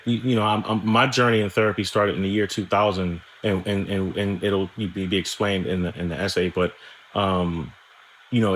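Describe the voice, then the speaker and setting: A man talking candidly as a podcast guest, reflective and halting, often restarting his sentences and swearing now and then. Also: low-pitched, a bit bright, slight background noise. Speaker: guest screenwriter. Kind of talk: candid conversational interview.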